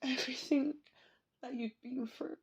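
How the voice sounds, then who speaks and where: Woman podcaster, emotional and reflective, unhurried, raspy fry in her voice. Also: high-pitched, fairly even intonation. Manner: slow, reflective, repeats herself. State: emotional, close to tears. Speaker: podcast host. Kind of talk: emotional personal monologue.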